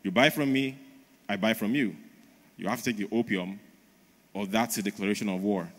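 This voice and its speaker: A preacher voicing a bullying British trader who demands that a deal be kept. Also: male voice, lowish voice, moderate pace, fairly bright tone. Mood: pushy. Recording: long reverb of a large hall.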